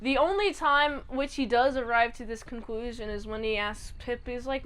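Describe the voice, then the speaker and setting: Chatty lady doing a tv episode recap, high voice, animated. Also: moderate pace, hardly any pauses, clean tone. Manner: chatty and animated, acts out quotes. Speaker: show reviewer.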